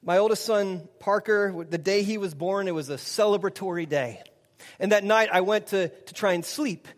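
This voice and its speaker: High-voiced pastor in a reverberant hall. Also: male voice, moderate pace. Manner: storytelling, chuckling, acting out dialogue. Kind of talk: sermon with personal story.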